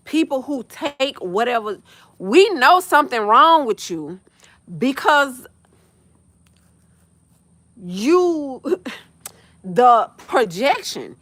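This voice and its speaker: A young woman chats on her livestream in a blunt, profane rant. Her voice sits high and bright, swinging widely in pitch. The sound is close and dry, with no room around it. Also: dry recording. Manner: blunt, profane, animated ranting with laughs. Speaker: livestream host. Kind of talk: casual chat.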